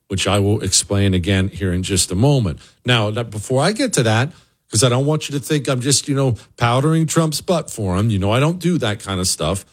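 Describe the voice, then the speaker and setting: A man hosting a political talk show, delivering an opinionated monologue and answering listener questions, jumping up in pitch on rhetorical questions. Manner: emphatic, rising to high excited pitch on rhetorical questions.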